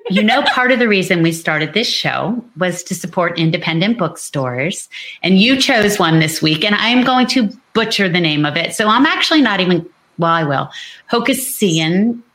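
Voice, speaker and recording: A woman's voice: fairly low pitch, expressive, normal speed, fairly bright tone, poor audio. A woman hosting a casual online chat show, chatty and self-mocking as she tells a funny story. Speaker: host.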